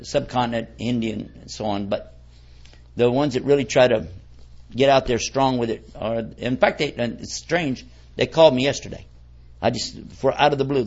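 A man giving a conversational religious lecture, a folksy preacher who keeps quizzing his audience. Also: medium pitch. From United States. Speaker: Islamic preacher. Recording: dull lo-fi recording.

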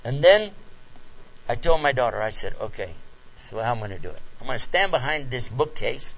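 A man speaking at a talk, telling a personal story in an animated way and acting out the scenes. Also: medium pitch, fairly quick. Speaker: lecturer answering questions. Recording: dull lo-fi recording.

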